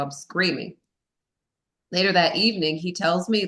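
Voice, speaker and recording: Candid woman with a lowish voice. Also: expressive, a little slow, pauses often, fairly bright tone. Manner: candid, self-mocking, with many "you know" fillers. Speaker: guest. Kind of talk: personal storytelling in a podcast interview.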